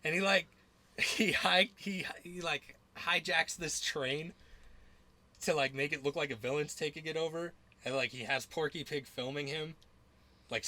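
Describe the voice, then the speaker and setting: A man's voice: on the high side, pushed and bright. A young man hosting a podcast in casual chat, rambling with lots of filler words, swearing and laughter. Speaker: podcast host.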